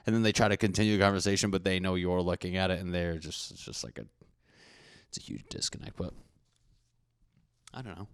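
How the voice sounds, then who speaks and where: A man's voice: sits low, little pitch movement, a little fast, pauses often, smooth, no room sound, clean studio sound. A young man hosting a solo podcast, ranting comically with profanity and mocking voices for other people. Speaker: podcast host. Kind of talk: solo comedic rant.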